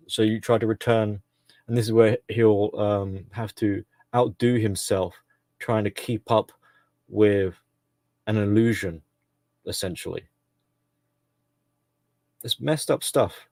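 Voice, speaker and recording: A man with a fairly low voice, holding forth in a casual solo commentary. He rambles, fills pauses and corrects himself as he goes, recorded dry and close. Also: darkish tone, no room sound. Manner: rambling, frequent fillers and self-corrections.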